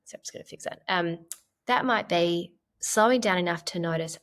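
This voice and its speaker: A woman clinical psychologist, a podcast guest, explaining ideas gently and in a measured way, with frequent "like" fillers. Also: fairly low pitch. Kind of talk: conversational podcast interview.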